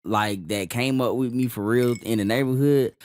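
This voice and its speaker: A man's voice: medium pitch, normal speed, darkish tone. A young adult man, co-hosting a podcast, telling a childhood story in a laid-back, easygoing way. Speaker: podcast co-host. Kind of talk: casual podcast chat.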